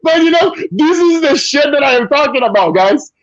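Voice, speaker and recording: A man from Brazil with a Brazilian Portuguese accent, chatting casually as a guest, an animated storyteller who swears casually and acts out voices. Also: extremely high pitch, moderate pace, no room sound, lo-fi sound. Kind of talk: casual chat on a video call.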